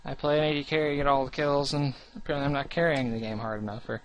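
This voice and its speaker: A quick-paced young man with a medium pitch and fairly even intonation hosts a gaming channel. In this casual talk to camera about the channel, he comes across as earnest and self-deprecating, wandering off topic and restarting often.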